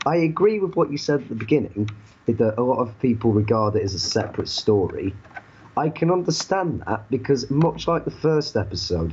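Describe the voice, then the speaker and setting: A young man co-hosting a casual review podcast from his bedroom, animated and lively in retelling. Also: medium pitch, muffled recording, a little hiss or hum. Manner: animated retelling with quick voice impressions. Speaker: podcast co-host.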